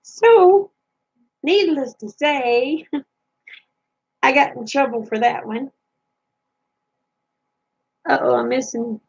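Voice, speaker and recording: A woman's voice: high-pitched, very slow, vocal fry, pauses often, breathy edge, highs cut off. A woman vlogger telling funny stories from her childhood in a folksy, chatty way. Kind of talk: casual storytelling.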